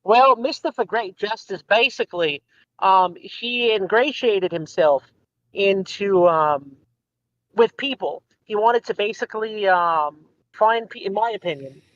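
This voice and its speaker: American man, high-pitched voice, rambling with lots of ums, casual podcast guest, dull lo-fi call audio. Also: animated, unhurried, fairly bright tone, no room sound. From United States. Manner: rambling, with frequent ums and restarts. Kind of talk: casual chat. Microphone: online voice call.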